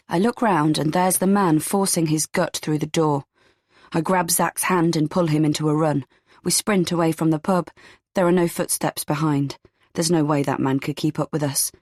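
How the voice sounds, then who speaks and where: A woman narrating a first-person story in a steady, low-key way. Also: normal speed, no echo, studio quality. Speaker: audiobook narrator.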